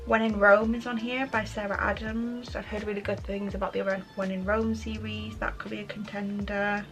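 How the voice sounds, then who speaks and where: A woman's voice: medium pitch, flat delivery, moderate pace, a bit bright, soft background music, poor audio. A young woman chatting casually in a reading vlog, thinking aloud with many ums. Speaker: book vlogger.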